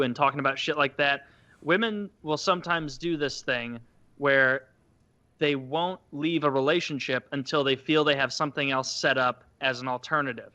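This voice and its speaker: A man's voice: mid-range voice, moderate pace, sharp tone, no room sound, highs cut off. A man hosting a podcast, telling a story in a rambling, crude, self-mocking chat. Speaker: podcast host.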